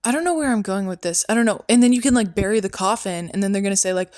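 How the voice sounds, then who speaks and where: Female podcast host in a prophet persona, rambling and offhand, mid pitch, dry room. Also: rapid-fire, a little mellow, no room sound. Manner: rambling, offhand, full of "um" and "like", tangents. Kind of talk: rambling comedic monologue.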